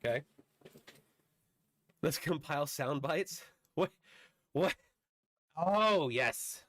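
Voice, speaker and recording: A man streaming a video game, chatting casually and bantering with viewers, his voice a bit hoarse from a recent illness. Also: a little high, animated, extremely slow, pauses often, fairly bright tone, no room sound. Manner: joking, bantering with chat.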